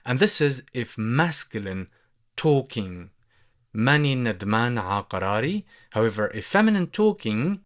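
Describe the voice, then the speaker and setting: Levantine-accented male language tutor, low voice, slow patient repetition drills. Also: fairly bright tone. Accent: Levantine Arabic. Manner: slow, repeating phrases for practice. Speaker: language teacher. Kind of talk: explaining Arabic phrases.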